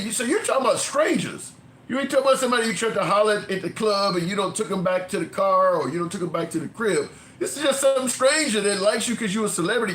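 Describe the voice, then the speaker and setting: A man hosting a political call-in stream, talking in casual, animated commentary and swearing freely, with his voice jumping up when he is incredulous. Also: high voice, reverberant, a little hiss or hum.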